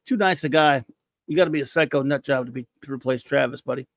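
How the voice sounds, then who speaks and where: Excitable rambling male podcast host. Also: medium pitch, fast talker, no echo. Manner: excitable, rambling, breaks into jokes and shouting. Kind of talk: casual chat reading listener reviews.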